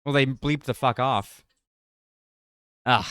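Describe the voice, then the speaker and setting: Animated man, smooth and dry. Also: mid-range voice, takes it slowly, no room sound. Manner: animated, swearing, riled up. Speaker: podcast co-host. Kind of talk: casual chat.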